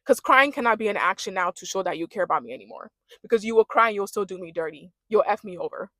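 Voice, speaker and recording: A woman's voice: medium pitch, animated, fast talker, pushed and bright, no room sound, studio quality. A young woman giving a casual, sassy rant recapping a reality dating show and mimicking the cast as she goes.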